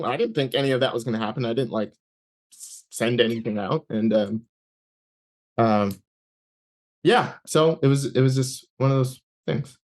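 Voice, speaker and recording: A man as an interview guest, telling a personal story in conversation with many fillers and restarts. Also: mid-range voice. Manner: halting, many fillers and restarts, laughs while talking.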